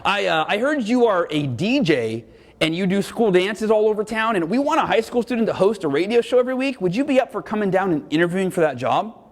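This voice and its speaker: A man voicing a friendly middle-aged male radio station manager who talks in an upbeat, drawn-out DJ voice. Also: high-pitched, big pitch swings, pitched above the performer's own voice. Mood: chummy.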